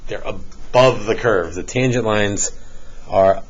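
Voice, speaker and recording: A low-voiced middle-aged man teaching a math class, casual and patient, with easygoing jokes tossed to the students. The sound is dull and lo-fi, with a faint hiss behind him. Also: takes it slowly. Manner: relaxed, joking asides to students. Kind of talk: classroom lecture.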